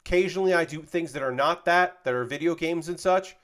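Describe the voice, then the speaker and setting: A man in his forties chats loosely with his stream as he builds a model kit, rambling from one tangent to the next and swearing casually. His voice sits a little high for a man. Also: fairly quick, fairly bright tone. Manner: rambling, chatty, swears casually, reads chat aloud.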